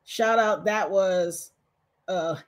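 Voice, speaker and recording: A woman hosting a casual livestream, reading viewer comments aloud and talking straight to her audience in an animated way. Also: medium pitch, moderate pace. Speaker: livestream host.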